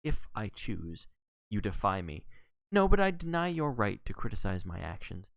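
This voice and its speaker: A man's voice: lowish voice, big pitch swings, moderate pace, creaky, dry recording. Cool, defiant wife, read by a man. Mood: cold. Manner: cold, clipped retorts.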